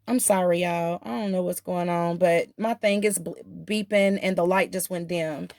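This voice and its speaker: A woman giving a casual tarot reading to her camera, excited and animated, talking fast in bursts. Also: lowish voice, no room sound, studio quality. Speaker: tarot reader.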